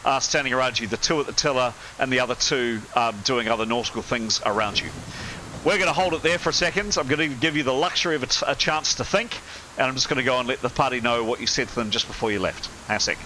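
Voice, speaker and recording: Man, game master, tabletop role-play narration, bright voice, faint noise underneath. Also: medium pitch, low-quality recording. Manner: lively narration, shouting panicked sailors in character.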